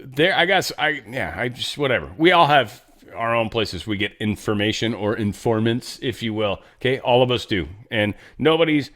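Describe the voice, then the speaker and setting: A man's voice: medium pitch, lively intonation, moderate pace, fairly bright tone. A man hosting a casual political commentary show, rambling and restarting his thoughts with irreverent, jokey asides. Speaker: show host.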